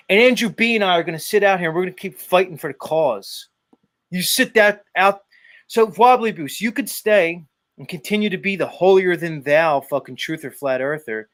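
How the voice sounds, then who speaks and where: A man's voice: a little high, a bit bright. A man hosting a casual podcast chat, swearing freely and goading a viewer in a ranting, profane way. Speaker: podcast host.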